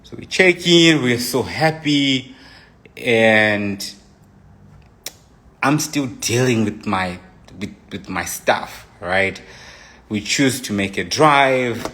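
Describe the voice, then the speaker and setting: A man's voice: mid-range voice, animated, slow, long pauses, pushed and bright. A young man casually recounting a relationship story, rambling with restarts and frequent "you know" asides. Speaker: boyfriend telling his side of a relationship story.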